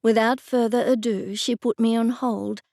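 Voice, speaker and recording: A woman's voice: on the high side, steady tone, moderate pace, creaky, warm tone, no room sound. A woman narrating an audiobook in the first person, telling the story in a dry, exasperated way.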